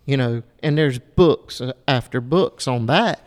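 A man hosting a casual faith conversation, speaking in a searching, halting way with many restarts. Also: medium pitch, in a large hall. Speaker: host of a Christian talk show.

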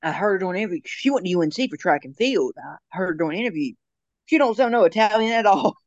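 A young man with a slightly raised pitch rambles through a casual chat, laughing often and restarting sentences. The sound is dull and lo-fi, dry with no room echo. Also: animated, fast talker.

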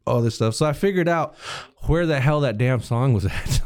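A man's voice: mid-range voice, normal speed, clear, resonant tone, no room sound, studio quality. A man co-hosting a podcast, chatting casually, swearing freely and retelling scenes he watched. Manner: rambling, swears a lot, retells scenes with acted voices. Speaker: podcast co-host. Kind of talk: casual chat.

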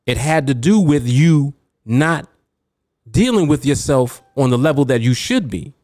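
Guy hosting a trading podcast, loud emphatic street-casual talk, laughs a lot, dry sound with no room. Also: mid-range voice, animated, measured pace, dry recording. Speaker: trading coach and podcast host. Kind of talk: casual podcast talk reading live chat comments.

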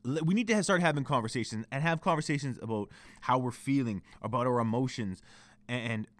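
A man's voice: medium pitch, fairly quick, no room sound. A young Canadian man hosting a solo podcast from home, ranting in a profane, heated and confessional way, cranky. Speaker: podcast host.

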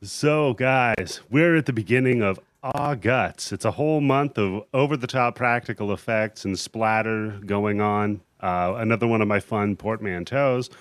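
A young man hosting a horror movie podcast, talking in a relaxed, joking way and swearing casually. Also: on the low side, unhurried, hardly any pauses, no echo. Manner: laid-back, jokey, swears casually. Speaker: podcast host.

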